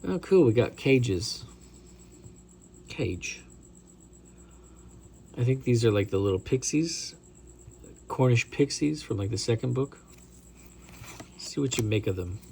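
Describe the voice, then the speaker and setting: A middle-aged man chatting casually as he opens trading card packs, rambling, excitable and self-deprecating. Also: medium pitch, slow, creaky, pauses often, a little hiss or hum. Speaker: card collector opening booster packs. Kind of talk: casual hobby vlog commentary.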